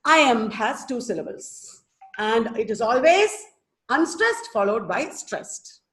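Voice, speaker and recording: A woman's voice: fairly high pitch, big pitch swings, slow pace, fairly bright tone. A woman teaching an online class on a video call, sounding out stress patterns with emphasis. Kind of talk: webinar lecture. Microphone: computer mic on a video call. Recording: echoey room.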